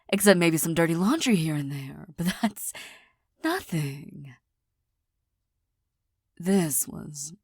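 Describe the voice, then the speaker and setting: Soft, halting woman in whispered role-play. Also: fairly low pitch, no room sound, clean studio sound. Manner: soft, halting, apologetic, many restarts. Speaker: girlfriend in audio role-play.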